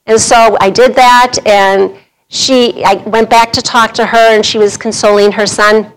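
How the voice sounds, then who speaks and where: A woman's voice: on the high side, steady tone, unhurried, clear, resonant tone, rough recording. A middle-aged woman, speaking to a women's group in a sermon and telling a personal story conversationally, laughing through the anecdotes.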